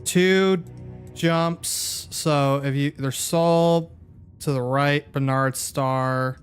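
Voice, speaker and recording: A man streaming a game, chatting casually in a halting, rambling way full of fillers. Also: a little high, fairly even intonation, soft background music. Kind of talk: casual gaming chat.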